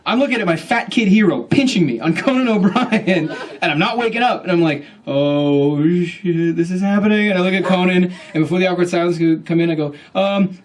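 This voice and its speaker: A man telling a comic story to a live bookstore audience, animated and acting out other people's voices. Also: sits high, fast talker, few pauses. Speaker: author at a bookstore reading. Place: bookstore event room.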